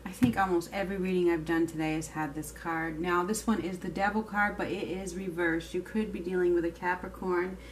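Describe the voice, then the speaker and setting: A woman's voice: lowish voice, steady tone, a little fast, hardly any pauses. Woman tarot reader, casual and emphatic, faint background noise. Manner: chatty, emphatic, swears casually. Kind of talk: casual tarot reading to camera.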